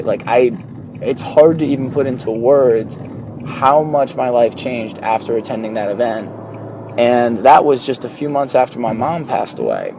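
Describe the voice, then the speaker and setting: A young man records a candid podcast monologue from his car during the morning commute. His voice is mellow and warm, at an ordinary middle pitch, and he talks with earnest openness, dropping in a swear word here and there. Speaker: podcast host. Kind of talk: casual solo podcast monologue.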